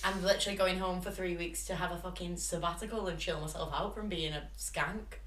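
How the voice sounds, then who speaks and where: Young woman, frank and sweary, bright tone, echoey room, casual podcast chat. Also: fairly low pitch, fairly even intonation, brisk. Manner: frank, sweary, self-mocking. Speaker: podcast co-host.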